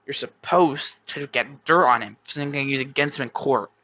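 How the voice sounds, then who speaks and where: A man's voice: medium pitch, fairly quick, pushed and bright. A man voicing an impatient, scheming woman who talks curtly and dismissively. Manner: curt, dismissive.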